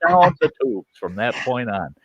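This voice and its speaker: A man casually telling a rough personal anecdote, acting out what people said. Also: mid-range voice, unhurried, highs cut off, crowd noise. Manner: animated anecdote with acted-out quotes. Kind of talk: casual storytelling.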